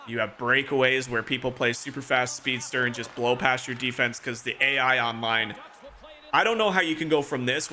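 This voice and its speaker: A man's voice: medium pitch, bright, forceful tone, slight background noise. A man from Toronto, Canada, streaming a hockey video game and calling the play-by-play with chatty asides. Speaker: gaming streamer.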